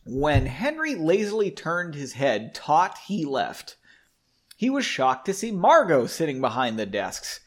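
Male podcast host, reading his own fiction aloud; wry asides, animated pitch. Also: a little slow. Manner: self-interrupting, wry, rereads lines in new voices. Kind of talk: casual reading with joking asides.

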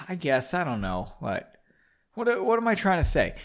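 A man's voice: on the high side, wildly swooping pitch, measured pace. Playful man reading his own story. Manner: playful, chatty, self-mocking. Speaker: podcast host reading his own novel. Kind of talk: casual story reading with joking asides.

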